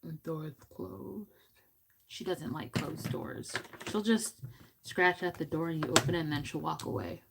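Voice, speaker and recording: A woman's voice: deep voice, moderate pace, vocal fry, slight background noise. A woman chatting casually through a makeup tutorial at home, giggly and full of goofy asides. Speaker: beauty vlogger. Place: home room.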